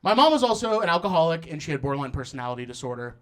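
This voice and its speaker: A man's voice: fairly high pitch, big pitch swings, racing. A young man performing a stand-up comedy set on a club stage, acting out voices and laughing through his lines. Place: comedy club stage in front of a live audience.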